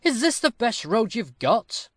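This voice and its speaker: A man reading aloud, voicing a bold, brash male highwayman who blusters and boasts. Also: big pitch swings, a little slow, no echo, studio quality, exaggerated voice. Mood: defiant.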